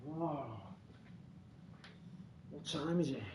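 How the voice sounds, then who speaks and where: A man's voice: on the high side, fairly even intonation, very slow, very noisy. A man giving rambling, chatty live commentary while streaming a game, calling his viewers "mate".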